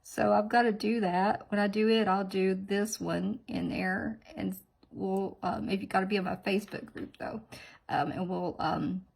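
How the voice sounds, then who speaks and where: A woman talks through her nail work in loose, rambling chat, often slipping into soft whispered asides. She sounds sniffly throughout. Her voice has a gravelly fry and a husky, breathy grain at a middle pitch. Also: fairly even intonation, moderate pace, low-quality recording. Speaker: nail art channel host. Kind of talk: casual tutorial chat.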